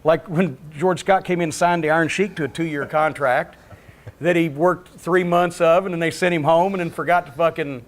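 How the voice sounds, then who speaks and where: A man tells behind-the-scenes stories in a podcast chat. His voice sits a bit high for a man. He rants in an emphatic, profane, rapid-fire way. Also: fairly even intonation. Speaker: podcast guest.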